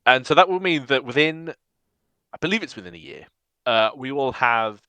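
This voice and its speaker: A man's voice: medium pitch, lively intonation, moderate pace, bright, forceful tone, smooth, no room sound. A man co-hosting a casual podcast chat who speaks hesitantly, with many ums. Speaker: podcast co-host.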